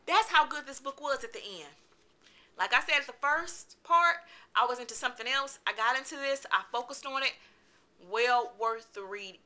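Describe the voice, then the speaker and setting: A chatty woman in her thirties with a very bright, forceful voice pitched a little high. She reviews a book in a casual vlog, talking animatedly and venting with exclamations. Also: lively intonation, normal speed.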